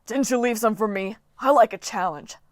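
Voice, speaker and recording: A woman's voice: a little high, moderate pace, no room sound, clean studio sound, natural voice. A woman doing a bellowing satyr coach. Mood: cocky. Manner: brash, shouting.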